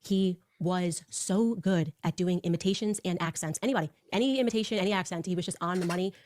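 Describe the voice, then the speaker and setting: Woman talking fast about old memories, lowish voice, dry room, acts out quotes. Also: no echo. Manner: fast, animated storytelling with acted quotes. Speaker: political commentator. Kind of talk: personal storytelling on a show.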